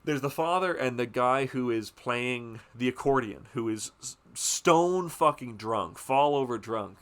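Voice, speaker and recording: A man hosting a podcast, chatting casually about a film in a rambling way, with plenty of fillers, swearing and quick asides. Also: mid-range voice, animated, a bit bright. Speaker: podcast host.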